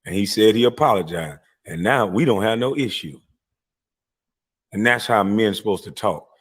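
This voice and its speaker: A man's voice: lowish voice, lively intonation, moderate pace, slightly rough. Profane, confrontational man ranting to camera. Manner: profane, confrontational, swings into loud mocking voices. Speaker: live-stream talker. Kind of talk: heated rant to camera.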